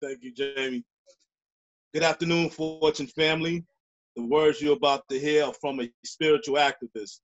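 A man from a community organization reads a prepared statement in a firm, deliberate way over a video call. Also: fairly high pitch, fairly even intonation, muffled recording. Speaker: community organization staff speaker.

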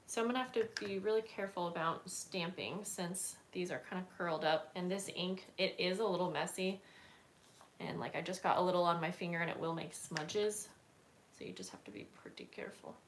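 A woman's voice: fairly low pitch, steady tone, fairly quick, a little hiss or hum. A woman hosting a casual craft livestream, chatting and rambling with lots of fillers while she stamps and works at her table. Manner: chatty, rambling, many fillers and self-corrections.

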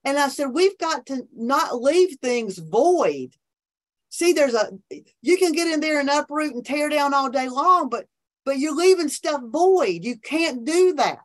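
A minister guesting on a podcast calls in from her office to talk faith, enthusiastic and preachy, restarting sentences often. Her voice sits high and is expressive, delivered at a measured pace.

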